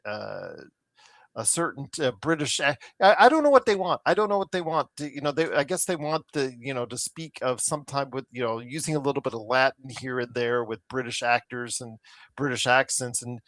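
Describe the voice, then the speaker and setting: A man's voice: medium pitch, brisk, a bit bright, no echo. A man co-hosting a casual podcast over a call, talking in a rambling way with many fillers and restarts, tired of online controversies. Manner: exasperated about controversies. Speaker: podcast co-host. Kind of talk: casual chat. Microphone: remote call mic.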